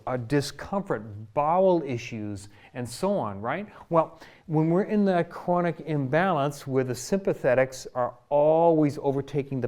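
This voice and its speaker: A male chiropractor talks through a health lesson from his office. His delivery is relaxed and conversational, with examples and frequent check-ins like "right?" and "okay?". His voice sits at an ordinary middle pitch for a man. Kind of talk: educational health talk to camera.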